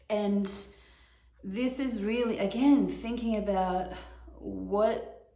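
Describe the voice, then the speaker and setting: A woman doing a casual tarot reading, thinking aloud in a slow, musing way. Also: mid-range voice, mellow. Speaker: tarot reader. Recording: echoey room with clear background noise.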